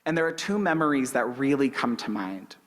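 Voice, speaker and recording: A young man minister tells a personal story from the pulpit in an easy, conversational way, with flashes of humor. His voice sits at an ordinary middle pitch. Long reverb from the sanctuary trails each phrase. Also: expressive, brisk. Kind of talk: storytelling sermon. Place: church sanctuary.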